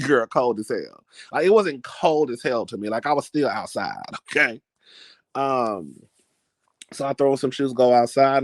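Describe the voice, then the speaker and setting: A man tells a story in a loose, chatty vlog style, dramatic and full of asides. His voice sits in a middle pitch. The sound is dry and close, with no room around it. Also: no echo. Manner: chatty, dramatic, keeps calling listeners "girl". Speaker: vlogger. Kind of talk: casual storytelling to camera.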